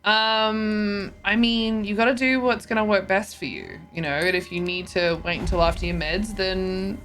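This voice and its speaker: A woman's voice: mid-range voice, fairly even intonation, normal speed, fairly bright tone, faint music behind. A tired woman streaming a card game, chatting casually with her viewers, yawning and joking as she stumbles over her words. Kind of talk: casual live-stream chat while gaming.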